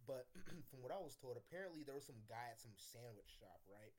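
A young man chats on a casual podcast over a voice call, telling a story in a relaxed, slangy way. His voice is a little husky, and his pitch moves around a lot. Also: fairly quick. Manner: laid-back slangy storytelling. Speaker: podcast co-host. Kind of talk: casual chat.

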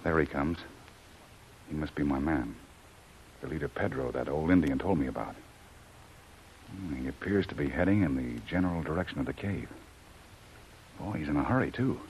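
A man's voice: extremely low pitch, normal speed, long pauses, darkish tone. An actor playing a bold jungle hunter hero who mutters his thoughts aloud as he stalks his quarry, in 1940s radio acting. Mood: wary. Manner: muttering to himself. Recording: hissy, muffled old radio transcription.

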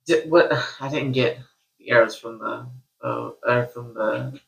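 Bright-voiced man checking game rules. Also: medium pitch, gravelly, muffled recording. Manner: checks and corrects rules quickly. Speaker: player. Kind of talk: casual tabletop game chat. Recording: echoey room.

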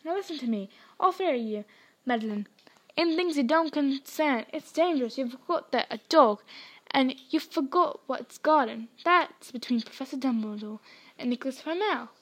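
A woman reading aloud, voicing a big gruff male half-giant gamekeeper in an insistent manner. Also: sits high, expressive, normal speed. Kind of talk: storybook read-aloud.

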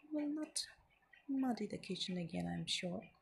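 A woman's voice: medium pitch, lively intonation, normal speed, creaky, husky, heavily acted. Woman doing a stern little boy in whispered role-play. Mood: cross scolding. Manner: stern, scolding. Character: small boy scolding his pets.

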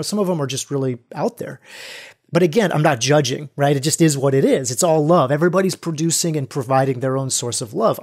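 This podcast host's voice is medium in pitch, creaky, and somewhat dark in tone. Speaking alone to his audience, he offers earnest, reflective spiritual guidance for men, addressing them as brothers.

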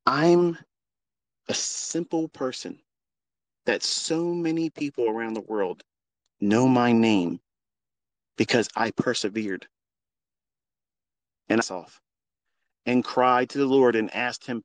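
A man hosting a live audio space, speaking into a phone in an earnest, preachy, profane monologue that swings from quiet to loud. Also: mid-range voice, takes it slowly, long pauses, no echo. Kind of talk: impassioned unscripted monologue.

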